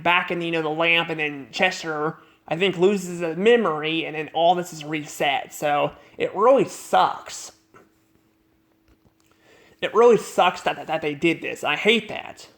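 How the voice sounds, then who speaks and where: Male cartoon reviewer, slightly high voice, unscripted, halting delivery full of restarts. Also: fairly bright tone. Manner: rambling, halting, many restarts and repeated words.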